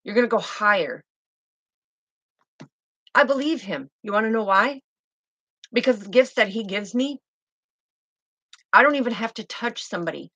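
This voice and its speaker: A woman's voice: a little high, moderate pace, pauses often, a bit bright, no room sound, highs cut off. A woman speaking as a spiritual healer, fervent and insistent, who repeats her key phrases and speaks bluntly. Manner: blunt, swears now and then. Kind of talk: emphatic spiritual monologue.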